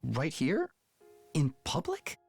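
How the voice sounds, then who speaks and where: An actress voicing an earnest, apologetic young character in a video game, pleading and flustered. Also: female voice, low voice, wildly swooping pitch, slow pace, creaky, a little mellow, husky, dry recording, exaggerated voice. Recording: game audio with faint music.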